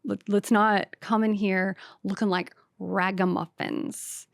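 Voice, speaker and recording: A woman's voice: mid-range voice, little pitch movement, takes it slowly, gravelly, dry recording, clean studio sound. A woman from the American South with a light Southern accent, a stand-up comedian hosting her own podcast in a brash, sassy, self-mocking solo rant. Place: podcast studio.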